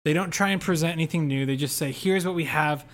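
Young male co-host, a touch high-pitched, reflective and filler-heavy. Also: fast, fairly bright tone. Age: young adult. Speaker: podcast co-host. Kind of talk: casual podcast chat.

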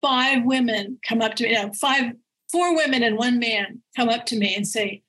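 Guest spot: woman writer, slightly high and husky, lively anecdotal delivery with frequent laughs. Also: normal speed, poor audio. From United States. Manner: animated, laughs often mid-sentence. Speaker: author guest. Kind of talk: casual interview storytelling.

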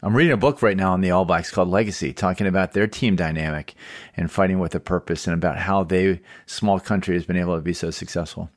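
A male podcast host with a low voice asks long, probing questions. He thinks aloud as he goes. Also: fast talker. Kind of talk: interview questions.

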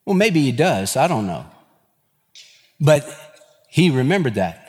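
A man's voice: medium pitch, big pitch swings, unhurried, a little mellow, slightly rough. A man preaching a sermon as pastor, with a conversational delivery that mixes joking asides with earnest exhortation. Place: church sanctuary. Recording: long reverb of a large hall.

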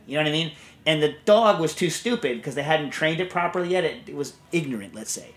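A man's voice: a little high, expressive, quick pace. A man hosting a podcast, chatting casually and reading out a listener question, rambling with many fillers and restarts. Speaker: podcast host; reads listener questions aloud. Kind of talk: casual chat.

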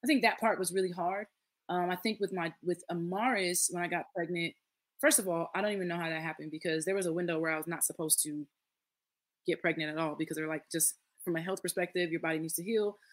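A woman in her late thirties, appearing as a podcast guest, tells a personal story in casual conversation. Her lowish voice moves quickly with fairly even intonation, and she sounds earnest while acting out other people's voices.

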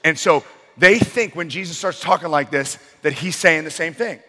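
A male pastor preaching in a large church hall, his voice carrying a long reverb. He speaks with a bright, forceful tone, and his storytelling is animated and full of dramatic turns. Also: a little high, a little fast. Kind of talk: sermon.

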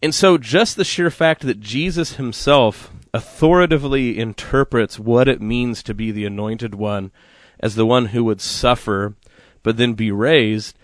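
Animated male radio co-host, dry sound. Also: medium pitch, measured pace, no echo. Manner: animated storytelling with many fillers. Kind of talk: casual faith discussion.

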